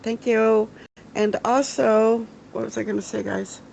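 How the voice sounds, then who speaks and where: A woman's voice: a little high, steady tone, a little slow, gravelly, warm tone, slight background noise, rough recording. A woman hosting a casual livestream, chatty, greeting viewers in the chat and laughing easily. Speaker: show host.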